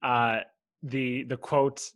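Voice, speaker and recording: A young man hosting a casual interview, friendly and joking, quick to laugh. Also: mid-range voice, level tone. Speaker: podcast host.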